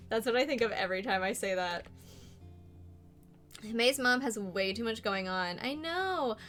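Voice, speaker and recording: A bubbly young woman live-streaming, greeting viewers and giggling as she plays. Her voice is bright and sits a little high, with faint music underneath. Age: young adult. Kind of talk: casual live-stream chat.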